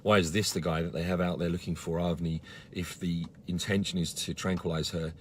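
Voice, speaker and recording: A man's voice: low voice, flat delivery, brisk, slight background noise. A man giving a casual live-stream update to followers, earnest and indignant, with many fillers and restarts. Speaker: campaigner on a live video.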